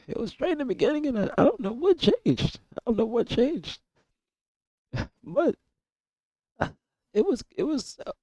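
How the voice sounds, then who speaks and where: A young man streaming live with a hoarse, cracking voice from illness, rambling and swearing in casual chat. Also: extremely high pitch, mellow, no room sound. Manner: coarse, rambling, swears a lot, repeats himself.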